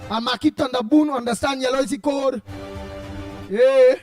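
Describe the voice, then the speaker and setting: A man with a Trinidadian accent hosting a call-in talk show, reading out listener comments in an animated way and bursting into shouts. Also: very high voice, moderate pace, over music. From Trinidad and Tobago. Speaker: radio talk show host.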